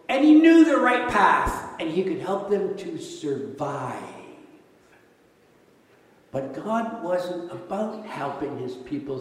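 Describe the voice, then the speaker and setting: Male pastor, jokey animated sermon, boomy reverberant hall, distant mic. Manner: animated, jokey, rhetorical questions. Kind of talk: sermon with slides. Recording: echoey hall from far off.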